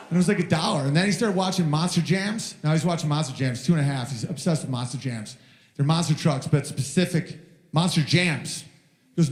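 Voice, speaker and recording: Guy doing standup, rambly storytelling, slightly high voice, echoey club sound. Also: a little fast. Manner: rambling storytelling, mimics his toddler in high shouts. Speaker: stand-up comedian. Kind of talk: stand-up comedy set. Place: live venue with audience. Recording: roomy live venue sound.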